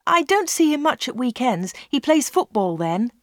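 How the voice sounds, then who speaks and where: A woman's voice: very animated, normal speed, dry recording, studio quality. A woman voicing an eager young village woman. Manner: bright, higher, eager questioning. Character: young village woman, tempted but shrewd.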